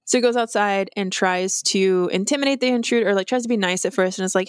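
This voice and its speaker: A woman's voice: medium pitch, smooth, no room sound, studio quality. A woman co-hosting a horror podcast, recapping the plot in casual chat, swearing freely and acting out characters' lines. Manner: animated, swears freely, acts out characters' lines in quick impressions.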